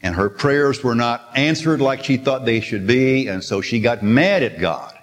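A man's voice: mid-range voice, animated, measured pace. An older man preaching a sermon in an earnest, storytelling manner, quoting scripture with emphasis. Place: church sanctuary. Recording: long reverb of a large hall.

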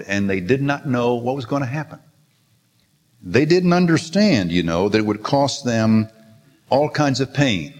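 An older man preaching a sermon in an earnest, storytelling manner, quoting scripture with emphasis. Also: medium pitch. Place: church sanctuary. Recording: long reverb of a large hall.

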